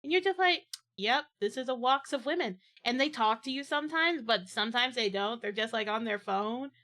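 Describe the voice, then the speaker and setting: A woman's voice: fairly high pitch, normal speed, a bit bright. A woman streamer chatting casually on a watch-along stream, rambling playfully into silly bits.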